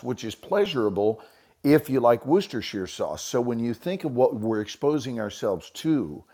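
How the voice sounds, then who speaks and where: A man's voice: mid-range voice, warm tone. A man giving a motivational talk in a live audio chat, folksy and preachy with homely comparisons. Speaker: speaker in an audio room.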